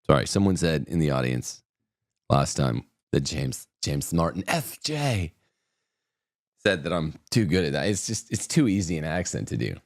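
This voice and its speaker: A man's voice: very deep voice, animated, normal speed, no room sound, clean studio sound. A man hosting an opinionated news commentary show, reading headlines and adding sarcastic, mocking asides. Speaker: host.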